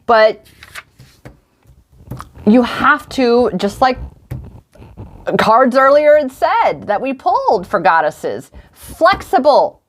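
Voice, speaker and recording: Her pitch swinging widely, a slightly high-voiced woman speaks slowly and pauses often. She's a forty-something intuitive coach and tarot reader doing a heartfelt, affirming livestream card reading indoors in front of a camera.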